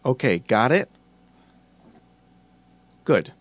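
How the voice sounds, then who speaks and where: A man's voice: mid-range voice, very animated, drawn-out words, husky, dry recording. A man hosting a podcast lesson on writing fiction, reading a story passage aloud and explaining it in a conversational, playful way.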